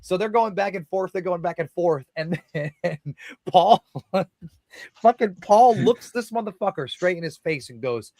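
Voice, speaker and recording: A man's voice: high-pitched, lively intonation, measured pace, a little mellow, dry recording. A man, a wrestler, telling stories on a casual podcast, swearing often, laughing through them, acting out other people's lines.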